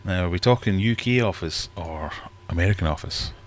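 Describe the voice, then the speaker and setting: A man's voice: deep voice, fairly quick, a little hiss or hum. A middle-aged Scottish man hosting a live stream from his home fish room, chatting in a rambling, self-deprecating way. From Scotland. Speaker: livestream host. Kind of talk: casual live-stream chat.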